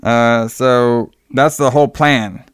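A young man casually recapping a film plot in loose, profane talk, slipping into quick voices for the characters. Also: mid-range voice, steady tone, clean tone, dry recording, clean studio sound. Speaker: podcast co-host recapping a movie.

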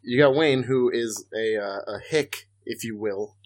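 A podcast co-host chats casually in a mid-range voice, a little slow. His loose storytelling rambles and swears, stuffed with fillers.

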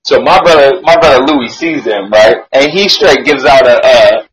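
A man telling a story in a casual chat, slangy, animated and swearing freely. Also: mid-range voice, normal speed, low-quality recording.

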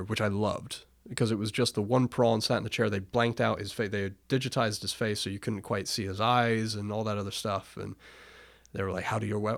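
A man's voice: medium pitch, creaky, dry recording, clean studio sound. A man co-hosting a casual film podcast, opinionated, often restarting his sentences. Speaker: podcast co-host.

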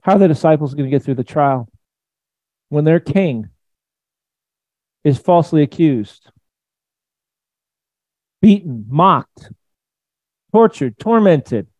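A man preaching a sermon, talking to his listeners casually but with force, dropping to quiet lines and then pushing up again. His voice sits a little high yet sounds mellow and dark. The recording is dry and slightly dull. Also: animated, slow pace, long pauses, no echo. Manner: emphatic, conversational preaching with shifts from loud to soft. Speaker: pastor.

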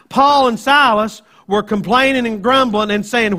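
Bright high-voiced preacher man. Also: unhurried, few pauses. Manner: builds from conversational teaching to loud, emphatic preaching. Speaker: pastor. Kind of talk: sermon.

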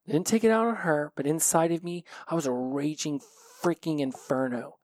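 A man's voice: mid-range voice, no room sound. Frank, profane male podcast host. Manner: frank and reflective, swears freely. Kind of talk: candid solo podcast monologue.

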